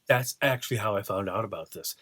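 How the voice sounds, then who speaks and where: A man's voice: fairly low pitch, fast talker, bright, forceful tone, dry recording. A man vlogging from his art studio, ranting casually in a sarcastic, profane, mocking way. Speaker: vlogger and artist.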